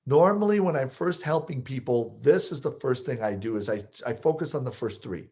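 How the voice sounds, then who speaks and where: A man coaching listeners on triggers, explaining with lively stories he partly acts out. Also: medium pitch, a little fast. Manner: animated storyteller, acts out scenes. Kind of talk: explaining with stories, podcast talk.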